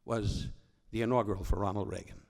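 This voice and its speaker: An older man with a low, gravelly voice, telling stories from a stage. He rambles and wisecracks, breaking off mid-sentence to start over. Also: steady tone, a little fast, darkish tone. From New York. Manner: rambling, self-interrupting, wisecracking. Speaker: comedian guest. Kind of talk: on-stage storytelling conversation. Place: stage before a live audience.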